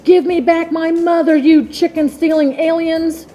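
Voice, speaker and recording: A woman voicing a bold, bossy young female chick who snaps out orders and shouts battle cries. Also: medium pitch, lively intonation, a little slow, faint music behind, lightly acted. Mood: shouting. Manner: commanding, snappy, shouting orders.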